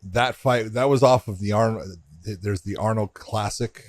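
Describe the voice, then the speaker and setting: Middle-aged guy rambling through a story, lowish voice, dry close mic, does both sides of the convo. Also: steady tone, normal speed, no echo. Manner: rambling anecdote, acts out both sides of conversations. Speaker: podcast co-host and MMA referee. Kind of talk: casual storytelling on a podcast.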